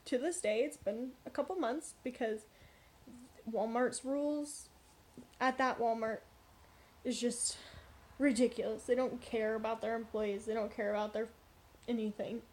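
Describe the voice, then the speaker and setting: High-voiced young woman telling a story. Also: measured pace, long pauses. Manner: animated, blunt, frequent swearing and asides. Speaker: vlogger. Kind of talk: casual storytime vlog.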